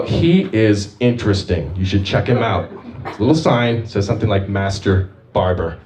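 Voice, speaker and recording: A male stand-up comic bounces through animated stories with wide pitch swings at a small open mic. He's fairly far from the microphone, and the room is noisy.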